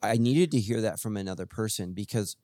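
A man with a fairly low voice chats casually as a podcast co-host and pastor. He jokes at his own expense and restarts his sentences often. The mic is close and dry. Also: fairly quick, no echo. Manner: animated, joking, self-deprecating with many restarts. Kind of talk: casual chat.

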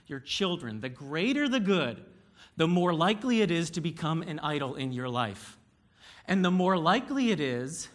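A man in his thirties delivers a sermon in a high voice that rises and falls with lively energy. He tells candid, self-deprecating stories straight to the congregation. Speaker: pastor.

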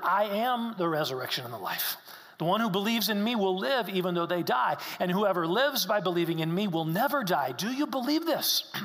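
High-voiced man preaching in a reverberant hall. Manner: expository preaching, reads scripture aloud, softens to a hush at moving verses. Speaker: pastor. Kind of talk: sermon.

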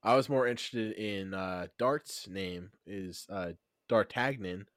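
Man, podcast co-host, teasing recap chat, lowish voice, dry close sound. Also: measured pace, fairly bright tone, no echo. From New Jersey. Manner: teasing, recaps scenes at length.

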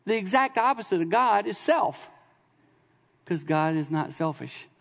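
A man's voice: sits high, expressive, measured pace, creaky, fairly bright tone. A middle-aged man preaching a sermon in a church, telling stories conversationally with humor and sudden bursts of emphasis. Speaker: visiting preacher. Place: church sanctuary. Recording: long hall reverb in a church.

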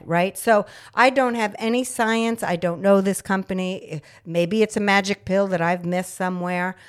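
A middle-aged woman podcast host, a nurse, ranting in a casual chat with exaggerated indignation and the odd swear word. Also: medium pitch.

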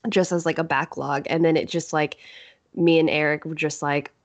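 Female podcast guest, chatty and rambling, slightly low voice. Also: little pitch movement, normal speed. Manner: rambling, full of fillers, laughs often. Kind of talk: casual roundtable chat.

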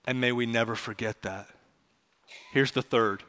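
A man preaching a sermon as pastor, earnest and pleading, slowing down for emphasis. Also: medium pitch, fairly even intonation, sharp tone. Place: church sanctuary. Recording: long church hall reverb.

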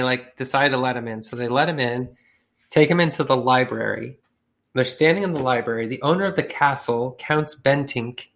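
A man spinning a comic story in loose, slangy, profane talk, with a mid-range voice. He jumps into quick voices for the people in his tale. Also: medium pitch, a bit bright. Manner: profane, slangy, acts out characters with shifting voices. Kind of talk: casual comedic storytelling.

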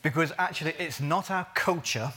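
Male preacher, bright and fairly high voice, earnest with playful asides. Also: moderate pace. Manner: earnest, jokey asides, stretches words for emphasis. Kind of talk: sermon.

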